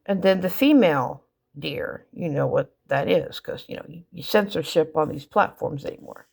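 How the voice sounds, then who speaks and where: A woman's voice: low voice, normal speed, gravelly, a little mellow, breathy edge. A middle-aged mother casually telling funny stories about her kids, rambling with fillers and restarts. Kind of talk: casual storytelling.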